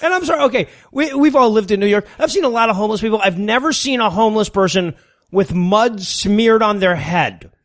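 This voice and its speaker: A man's voice: high-pitched, lively intonation, fairly quick. A man co-hosting a podcast in casual comedic chat, mocking a movie with wry, profane riffs. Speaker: podcast co-host.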